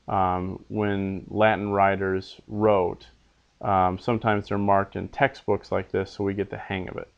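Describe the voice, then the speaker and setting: Gravelly man teaching a recorded lesson. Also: on the low side. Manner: explains patiently, repeats example words slowly. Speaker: Latin teacher. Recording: dull lo-fi recording.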